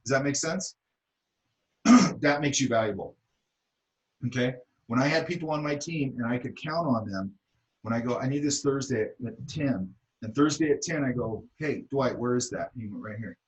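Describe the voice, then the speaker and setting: A middle-aged man teaching art critiques students bluntly and casually, regularly asking "okay" and "does that make sense." His medium-pitched voice has lively intonation at a normal speed, heard through a low-quality recording.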